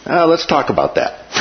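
A man hosting a casual Bible discussion, animated and laughing often as he acts out quotes. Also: fairly high pitch. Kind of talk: casual Bible study chat. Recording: dull lo-fi room recording with noise.

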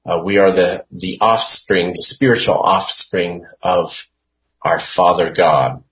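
A man's voice: deep voice, steady tone, slow. A man leading a Bible study, reading scripture aloud and explaining it word by word in a hesitant way with many fillers. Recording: dull lo-fi recording.

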